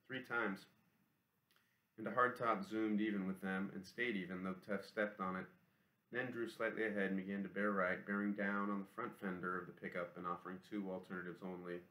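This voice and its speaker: A man narrating an audiobook in a steady, even reading voice. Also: lowish voice, normal speed, echoey room, poor audio.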